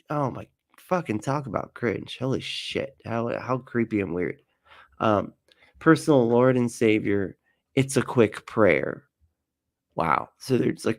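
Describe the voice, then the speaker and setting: A man's voice: mid-range voice, lively intonation, unhurried. A man, a podcast host, giving casual sarcastic commentary with laughs and swearing.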